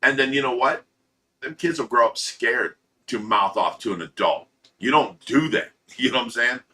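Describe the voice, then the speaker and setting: A man's voice: mid-range voice, moderate pace, sharp tone. A man hosting a casual livestream, talking bluntly and profanely, ranting and telling stories to his chat with laughs. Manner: ranting, talks to chat commenters by name. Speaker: livestream host of a fish rescue channel.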